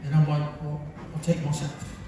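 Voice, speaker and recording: Speaking at his parent's birthday, a Kiwi son delivers a rambling, humorous speech with many fillers to a gathering in a big function hall. His slightly high, warm voice is completely flat in delivery, at a moderate pace. The mic catches him from far off in the echoey space, with slight background noise.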